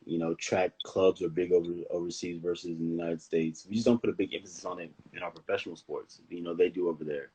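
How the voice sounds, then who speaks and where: A young man speaking as the guest of a casual live-stream interview, relaxed and laid-back, laughing easily. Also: low-pitched, fast talker, hardly any pauses, slightly rough, poor audio. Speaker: guest athlete.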